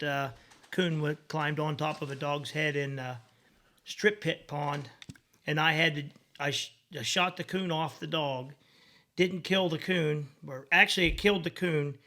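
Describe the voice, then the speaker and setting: A man telling a hunting story in casual talk, loud and stumbling over words. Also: on the high side, steady tone, a little slow. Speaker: guest. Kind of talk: casual chat.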